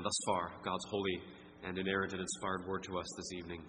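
A man's voice: low voice, little pitch movement, fast talker, pushed and bright, slight background noise. A man in his thirties delivers a sermon, moving between earnest reading and light, conversational asides to the congregation. His voice carries a long reverb, and a faint ambience of the room sits behind it. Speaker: pastor. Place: church sanctuary.

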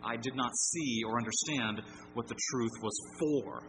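A man's voice: medium pitch, a little slow, a bit bright, faint music behind. A middle-aged male pastor preaching an evening sermon, earnest and emphatic, repeating key phrases for weight. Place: church sanctuary. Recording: long hall reverb with background hum.

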